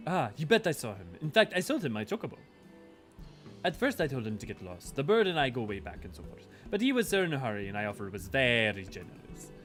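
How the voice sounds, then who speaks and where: Man playing a offhand game merchant, chatty, lively pitch. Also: fast, soft background music.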